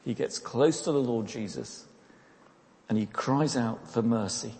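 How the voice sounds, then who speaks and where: A man's voice: mid-range voice, a little slow, darkish tone. A man preaching a sermon in a conversational way, often asking rhetorical questions and repeating words as he goes. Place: church. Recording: long reverb of a church hall.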